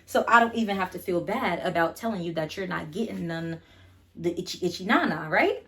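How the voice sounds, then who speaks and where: A woman's voice: fairly low pitch, lively intonation, fairly quick, fairly bright tone. A young adult woman vlogger telling a casual storytime, blunt and profane, chatty with lots of fillers.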